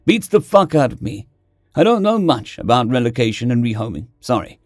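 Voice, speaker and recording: A man's voice: medium pitch, sing-song, fairly quick, a little mellow, no echo, studio quality, close to an everyday voice. A man voicing a friendly, blunt human soldier who talks in a casual, slangy way. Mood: easygoing.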